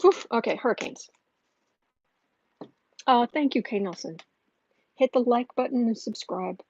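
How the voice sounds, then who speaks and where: A woman hosting a casual livestream and reading viewer comments aloud, chatty and quick to laugh. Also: fairly high pitch, a little mellow, slightly rough, muffled recording. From northern United States. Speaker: tarot reader and channel host.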